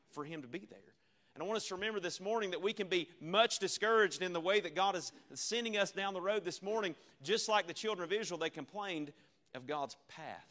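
A man's voice: high-pitched, pushed and bright. A man preaching a revival sermon, earnest and repetitive, asking the congregation rhetorical questions. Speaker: visiting preacher.

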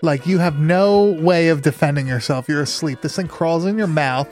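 A man co-hosting a podcast, chatting casually about a movie in an excitable, rambling, profane way. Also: fairly high pitch, normal speed, faint music behind. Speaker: podcast co-host.

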